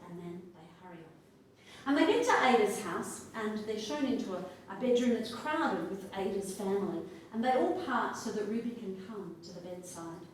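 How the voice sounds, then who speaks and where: A woman with an Australian accent telling a folk tale aloud, with a lilting, expressive delivery that drops to a hush in quiet passages. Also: mid-range voice. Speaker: storyteller. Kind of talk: oral folk storytelling. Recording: echoey room, distant mic, faint noise.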